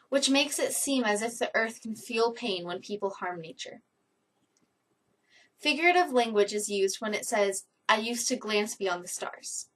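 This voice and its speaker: Woman reading a school report, distant mic. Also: on the high side. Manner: steady, careful reading with brief self-corrections. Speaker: student presenting a song analysis. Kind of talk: reading aloud a school presentation. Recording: distant mic with faint music behind.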